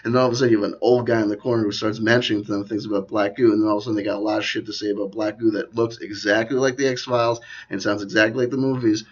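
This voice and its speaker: A man's voice: lowish voice, level tone, very fast, few pauses, slightly rough. A man delivering a rambling, sardonic commentary with frequent asides, recorded in a dull lo-fi quality. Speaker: video commentator. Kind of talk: rambling conspiracy commentary vlog.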